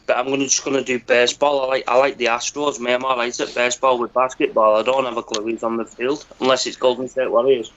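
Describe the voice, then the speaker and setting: A man's voice: medium pitch, flat delivery, quick pace, few pauses, fairly bright tone, slight background noise. A man calling into a sports talk live stream, chatting casually, laughing and swearing. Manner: laughing, swearing, mock play-by-play calls. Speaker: caller. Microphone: internet call. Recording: dull lo-fi call audio.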